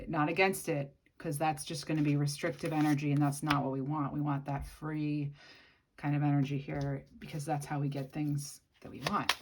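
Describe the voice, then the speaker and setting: Woman tarot reader, low voice, casual musing delivery. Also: a little hiss or hum. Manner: musing, speaks to the viewer directly. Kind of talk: casual channeled tarot reading.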